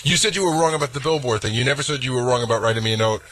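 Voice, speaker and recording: Exasperated fast-talking man on radio. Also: medium pitch, fairly bright tone, dry recording. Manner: exasperated, insistent, cuts in. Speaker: show producer. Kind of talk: on-air argument.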